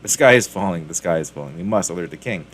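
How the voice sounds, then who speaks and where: A man's voice: lowish voice, big pitch swings, normal speed, slight background noise. A man voicing a tiny, alarmist hen in a storybook reading, crying out in a raised voice. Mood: alarmed. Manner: breathless, repetitive crying out.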